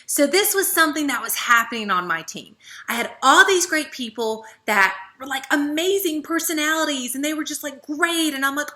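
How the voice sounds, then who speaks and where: A woman from the American South with a Southern accent, giving a chatty, animated motivational talk to her team as a leader. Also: high voice, normal speed, few pauses. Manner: chatty, animated, with frequent "right?" and "okay". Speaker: network marketing team leader.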